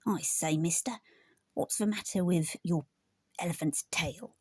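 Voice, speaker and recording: A woman's voice: lowish voice, unhurried, slight background noise, close to an everyday voice. A woman voicing a gang of rude, cheeky little piglets who tease and jeer in a storybook reading. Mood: teasing. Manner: taunting, jeering calls.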